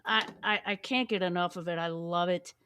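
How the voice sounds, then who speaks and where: A woman's voice: fairly low pitch, steady tone, normal speed, bright, forceful tone, slight background noise. A woman hosting a podcast, chatting casually and enthusiastically about a favorite band, swearing freely and often restarting her sentences. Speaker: podcast host. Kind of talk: casual music chat.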